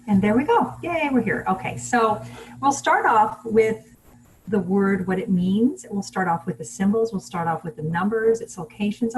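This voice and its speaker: A woman giving a relaxed online lecture over a video call, explaining things plainly with fillers and restarts. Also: mid-range voice, a little hiss or hum, low-quality recording. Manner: casual teaching with fillers and restarts.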